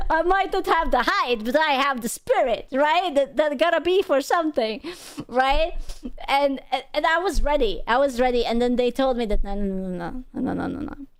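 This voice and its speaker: A young woman, a non-native English speaker, streaming as a VTuber and telling a story in casual chat, animated, stammering through restarts and swearing freely. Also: sits high, moderate pace, dry recording, studio quality. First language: not English. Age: young adult.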